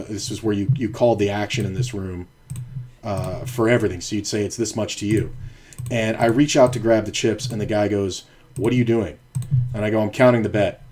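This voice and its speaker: Playing online poker on stream, an ex-dealer with a lowish, darkish voice spins a casual, rambling story from his dealing days. It's full of profanity, and he restarts sentences as he goes.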